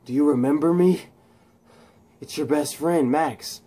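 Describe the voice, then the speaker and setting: A man's voice: a little high, unhurried, husky, pitched above the performer's own voice. A man voicing a frightened young man with electric powers, pleading and apologizing. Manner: pleading, alternating shouts and hushed whispers.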